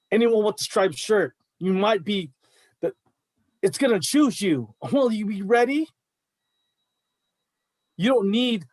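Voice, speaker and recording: A man's voice: high-pitched, no echo. A middle-aged man, a martial arts coach, talking in a fired-up, emphatic way on a podcast. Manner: fired-up, emphatic, says bro a lot. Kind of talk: casual podcast chat.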